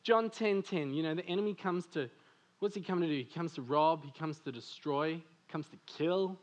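A man from Australia preaching a sermon, animated and full of stories, laughing often and saying "like" a lot. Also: a little high, normal speed. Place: church service.

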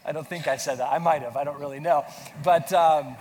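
A man's voice: a little high, steady tone, a little fast, darkish tone. A pastor preaching a sermon, feeling sick, talking casually and asking his congregation questions. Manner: conversational, self-deprecating humor, asks the audience questions. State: sick with flu. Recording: long hall reverb, faint noise.

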